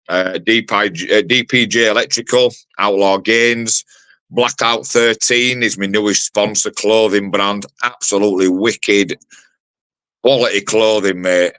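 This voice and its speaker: A man's voice: low-pitched, a bit bright, no room sound. A man, a bare-knuckle fighter giving a sweary, brash promo interview full of fillers. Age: 40s. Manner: brash, sweary trash talk with many fillers.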